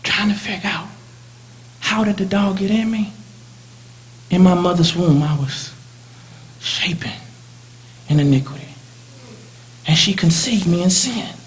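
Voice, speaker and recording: Telling a first-person story from the pulpit, a male preacher swings dramatically between loud lines and hushed ones. His voice is high-pitched, his pace normal, and he pauses often over a faint hiss or hum.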